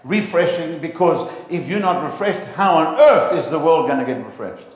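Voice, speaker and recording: A man preaching a lively sermon in a church, playful and animated, often acting out the voices of God and his congregation. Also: on the high side, normal speed. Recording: echoey hall, long reverb.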